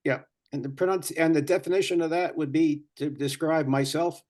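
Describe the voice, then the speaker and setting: A man's voice: on the high side, fairly even intonation, normal speed, a little mellow. Man student asking in class. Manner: asks questions plainly.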